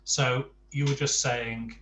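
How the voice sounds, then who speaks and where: A man teaching Spanish, patiently correcting pronunciation and encouraging his student, often trailing off softly. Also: mid-range voice, flat delivery, slow, echoey room, distant mic, a little hiss or hum, poor audio. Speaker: Spanish tutor. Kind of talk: online language lesson, coaching pronunciation.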